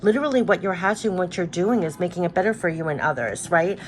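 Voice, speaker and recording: A woman's voice: lowish voice, fast, slight background noise. A woman giving a spiritual card reading to her viewers, earnest and repetitive, moved close to tears. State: tearful. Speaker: tarot card reader.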